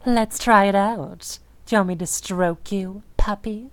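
A young woman voicing an obsessive, possessive dominant woman in an audio role-play, speaking in a soft, slow, teasing murmur. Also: medium pitch, close to an everyday voice. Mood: possessive, crooning.

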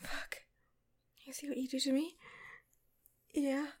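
A woman's voice: high voice, flat delivery, moderate pace, a little mellow. A woman in a whispered role-play, speaking to a partner in an intimate, flirty, playful way. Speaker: audio role-play performer.

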